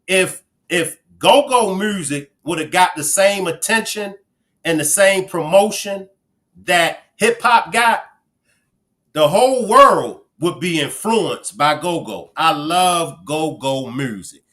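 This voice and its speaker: Bright-voiced Baltimore man, chatty host. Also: sits high, lively intonation, slow pace. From Baltimore, Maryland. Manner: chatty, giving shout-outs to viewers. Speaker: livestream host. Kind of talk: casual livestream commentary.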